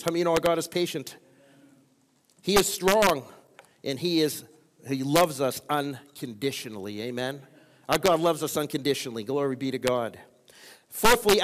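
A man's voice: sits high, in a large hall, poor audio. A man preaching a sermon as pastor, calling on the congregation for responses. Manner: preaching with call-and-response prompts. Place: church sanctuary.

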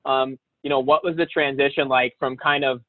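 A man's voice: mid-range voice, steady tone, moderate pace, no room sound. Man hosting over a tinny dry call line. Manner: chatty, repeats words while searching. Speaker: host. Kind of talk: casual video call chat.

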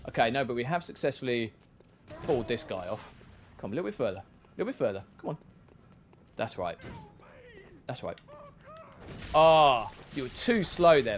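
A man's voice: mid-range voice, slight background noise. A man giving casual, chatty commentary while playing a video game, with self-mocking asides. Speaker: gaming video creator.

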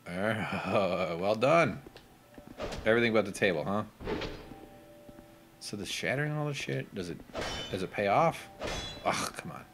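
A man's voice: lowish voice, animated, measured pace, pauses often, over music. A man giving casual, crude, sarcastic commentary over a video game playthrough. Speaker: gameplay commentator. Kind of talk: casual let's play commentary.

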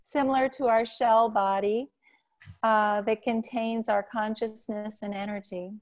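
A woman hosting a video call meeting, gently reading out questions from the audience. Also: on the high side, fairly even intonation, a little slow.

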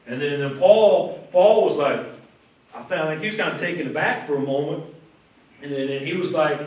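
A man's voice: mid-range voice, moderate pace. A man preaching a sermon as pastor, conversational, repeating words and acting out the people he quotes with rising emphasis. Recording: echoey room from far off.

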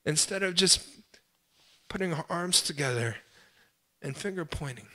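A man's voice: on the high side, expressive, moderate pace, long pauses. Impassioned young man preaching a sermon. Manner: impassioned, rising to pleading cries then dropping to quiet asides. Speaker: pastor.

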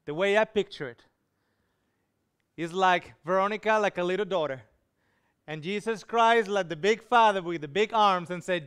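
Man, sermon testimony, high voice, emotional storytelling. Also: moderate pace, a bit bright, clean tone. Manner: emotional storytelling, voicing quoted dialogue. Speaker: preacher.

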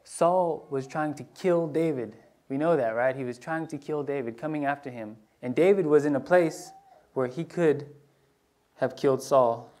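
A man's voice: on the high side, moderate pace, a little mellow. A male pastor preaching a conversational sermon, telling personal stories with casual asides and restarts. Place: church sanctuary.

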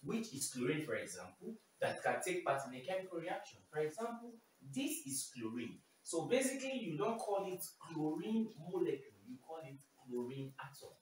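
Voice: mid-range voice, very animated, normal speed, hardly any pauses. A chemistry teacher giving a simplified video lesson, repeating key terms and often checking in with "okay?". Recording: very echoey room, voice far from mic, faint noise.

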